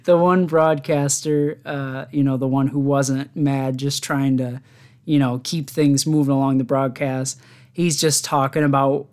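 A man hosting his own podcast alone, telling rambling stories in casual chat and often laughing at them. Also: on the high side. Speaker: podcast host.

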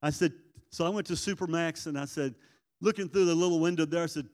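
A man's voice: a little high, quick pace, darkish tone. Older man telling stories from the pulpit. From Arkansas. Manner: folksy storytelling, acts out voices in quotes. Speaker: prison ministry guest speaker. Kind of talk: church testimony storytelling. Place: church sanctuary. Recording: long church reverb.

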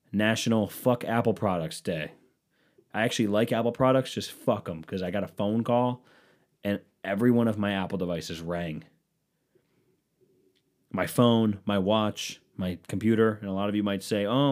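Man, podcast host, solo comedy rant, profane, rambling, self-mocking, lowish voice. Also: normal speed, darkish tone.

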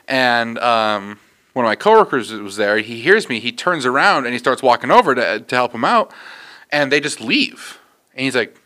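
A man's voice: mid-range voice, expressive, a little fast, bright, forceful tone. A young man co-hosting a casual podcast, teasing his co-host and animatedly retelling a story.

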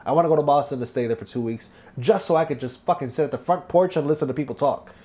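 A man from Chicago in casual chat, telling stories in a relaxed way that trails off softly. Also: fairly high pitch, fast.

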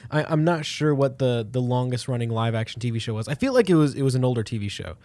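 A man's voice: mid-range voice, expressive, fast talker, mellow, dry recording. A young man co-hosting a podcast, chatting casually and rambling playfully. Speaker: podcast co-host. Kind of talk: casual chat.

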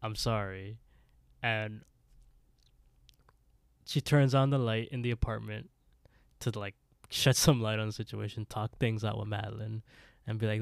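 Slow-talking man recapping a show. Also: fairly low pitch, little pitch movement, creaky, smooth, dry recording, clean studio sound. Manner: laughing, swearing, acting out characters in quick bursts. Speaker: podcast co-host. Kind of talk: casual recap chat.

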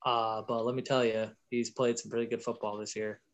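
A man's voice: mid-range voice, flat delivery, fairly quick. Guy stumbling a bit through his nfl picks on a live stream, laid back. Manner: hesitant, lots of restarts, wry. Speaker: podcast co-host. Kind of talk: casual sports prediction chat.

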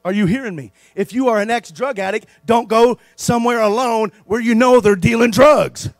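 High-voiced preaching pastor, dry mic. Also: male voice, normal speed, no room sound. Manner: call-and-response preaching, swings between hushed and loud. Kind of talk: sermon.

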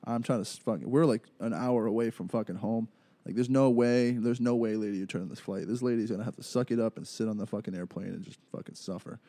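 A young podcast host rambles through a story in loose, profane chat. His voice sits low and gravelly with a dark, mellow tone. The sound is dry and close. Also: fast talker, dry recording.

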